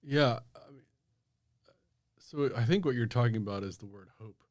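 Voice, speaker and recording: A man in a podcast interview, a medical officer explaining thoughtfully, his phrases often trailing off softly. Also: mid-range voice, moderate pace, no echo, clean studio sound.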